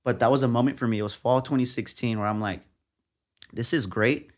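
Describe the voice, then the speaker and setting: Fast-talking young man telling stories. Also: medium pitch. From San Antonio, Texas. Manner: animated, acts out quotes of others. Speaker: guest, journalist. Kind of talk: casual storytelling interview.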